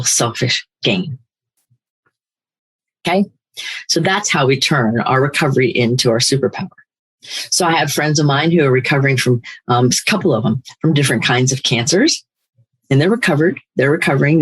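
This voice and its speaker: An older woman hosting a recovery podcast, speaking in a firm, emphatic, animated motivational way. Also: a bass voice, husky, poor audio. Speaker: podcast host, recovery coach. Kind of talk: motivational talk.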